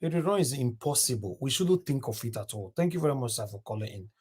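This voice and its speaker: A man's voice: medium pitch, lively intonation, fast talker. A man hosting a call-in talk show, courteously thanking and introducing callers. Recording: noisy line.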